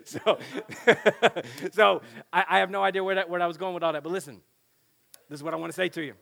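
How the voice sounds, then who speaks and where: A middle-aged man preaching at a youth camp, pitched a bit high with a bright, forceful edge. He jokes, swings his energy up and down and acts out little conversations with his kids. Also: a little fast, creaky, long pauses. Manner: animated, joking, acts out family dialogue. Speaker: pastor speaking at a youth camp. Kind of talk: energetic sermon to teenagers.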